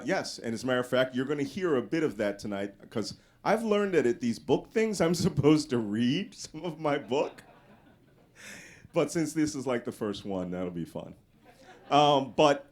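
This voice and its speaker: A man giving a casual, anecdotal talk as a guest speaker to a live audience, often raising his voice to act out the people in his stories. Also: mid-range voice. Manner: animated storyteller, voices quoted people loudly.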